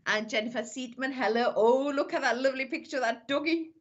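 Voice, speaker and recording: A woman's voice: high voice, fast, muffled recording. A woman, a psychic medium chatting affectionately with viewers on a live stream. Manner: chatty, calls everyone "my lovely". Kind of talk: live-stream greetings and reading.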